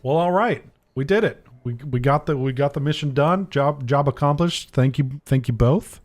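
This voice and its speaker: A man's voice: on the high side, moderate pace. A man co-hosting a casual gaming podcast, laid-back and hesitant, with many ums and restarts. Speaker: podcast co-host.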